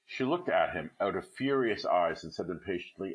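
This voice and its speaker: A man reading a classic short story aloud with expressive literary narration. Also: low voice, normal speed, hardly any pauses, rough recording.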